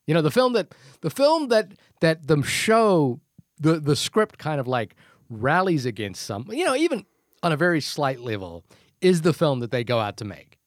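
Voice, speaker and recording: A man's voice: a little high, very animated, normal speed, dry recording, studio quality. A man with a New Zealand accent co-hosting a casual movie podcast, laughing often and talking in restarts. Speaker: podcast co-host.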